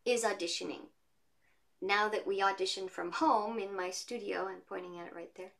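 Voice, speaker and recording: A woman voice actress chatting as an interview guest from her home studio, telling stories in a lively way. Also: mid-range voice. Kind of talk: casual interview chat.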